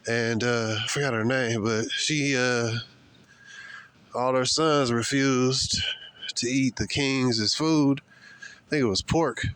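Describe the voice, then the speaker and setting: A man gives a casual, sermon-like talk outdoors while out on a brisk walk. His speech is slangy and emphatic, and he hammers his points home by repeating them. His breathing is heavy from the pace of his walk. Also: mid-range voice, steady tone, fairly bright tone, smooth, no echo. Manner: talks while walking fast, breathing hard. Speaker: vlogger. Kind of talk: casual preachy monologue.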